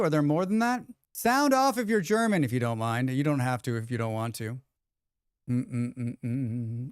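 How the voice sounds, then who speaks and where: Guy yapping on his stream, reading chat out loud, smooth clear voice, dry close mic. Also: mid-range voice, no room sound. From United States. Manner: rambling, reads chat messages aloud, swears casually. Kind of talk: casual live-stream chat.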